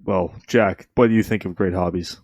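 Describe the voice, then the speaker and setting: Young male co-host, low voice, teasing, dry recording. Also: fairly even intonation, normal speed, a little mellow, dry recording. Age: young adult. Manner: teasing, laughs easily. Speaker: podcast co-host. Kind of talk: casual chat.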